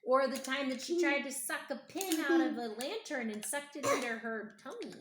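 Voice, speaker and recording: Hoarse mother telling family stories. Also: high voice, lively intonation. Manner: gentle, unhurried, thinking aloud with hums and pauses. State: hoarse, strained voice. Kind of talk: casual storytelling to her child. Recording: echoey room with clear background noise.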